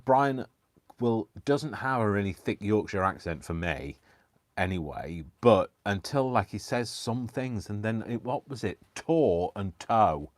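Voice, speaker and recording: A man's voice: fairly low pitch, animated, a little slow, no echo. A man hosting a live craft stream, chatting casually and self-deprecatingly while he works. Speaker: craft livestream host.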